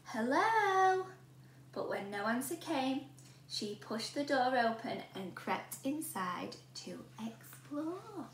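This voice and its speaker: A woman teacher reads a storybook aloud to children, slowly and with a high voice. She talks in an animated way and asks the listener questions. The room sounds roomy, with a faint hum behind.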